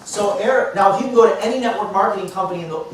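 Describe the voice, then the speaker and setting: A man speaking as a motivational speaker, telling a story to a live audience and acting out the dialogue in a lively way. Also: sits high, racing, a little hiss or hum. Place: large indoor hall. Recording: echoey hall picked up from far off.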